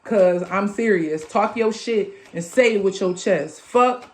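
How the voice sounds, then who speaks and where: A woman's voice: medium pitch, unhurried. A young adult woman, a tarot reader talking casually to her viewers in an emphatic, profane way, chanting catchphrases over and over. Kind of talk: casual motivational chat.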